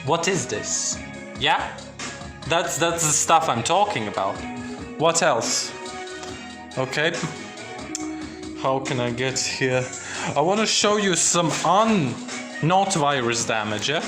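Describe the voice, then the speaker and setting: A man's voice: a little high, lively intonation, slow pace, pauses often, over music. A young man showing his orchids at home in a casual vlog, rambling with restarts and asking "yeah?" often. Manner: rambling, many restarts and tag questions. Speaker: orchid hobbyist vlogger. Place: indoors at home among plants and boxes.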